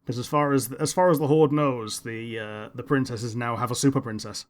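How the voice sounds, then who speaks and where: Male podcast co-host, mid-pitched voice, laid-back and informative, casual chat. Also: fairly even intonation, moderate pace. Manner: laid-back, explains show details, agreeable.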